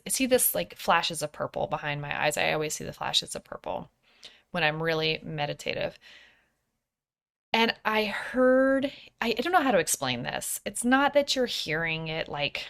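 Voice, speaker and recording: A woman in her thirties hosting a personal podcast, speaking softly and thoughtfully, sometimes dropping to a whisper. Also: on the low side. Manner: soft-spoken, introspective, slips into whispers. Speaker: podcast host. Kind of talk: personal reflective podcast monologue.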